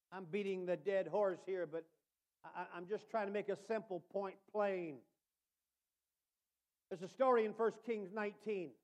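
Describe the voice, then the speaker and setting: A male preacher giving a sermon, calling out to listeners by name and swinging from hushed asides to shouted emphasis. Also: high voice, muffled recording. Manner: addresses listeners by name as brother.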